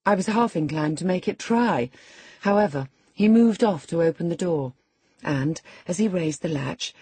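A woman voicing a spirited, proud young woman who tells her story in a lively, scornful way. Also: on the low side, normal speed, husky, no room sound, heavily acted. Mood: animated.

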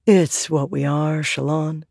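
Soft quiet smoke spirit lady, calm and coaxing, slow, a woman doing her. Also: low-pitched, gravelly, dry recording, studio quality, exaggerated voice. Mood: quietly insistent. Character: soft-spoken smoke-headed female shadow spirit.

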